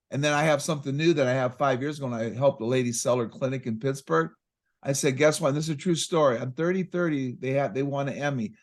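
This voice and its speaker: A man in casual conversation, telling stories with excitement and acting out his exchanges with patients. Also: a little high, fast talker. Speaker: chiropractic practice coach.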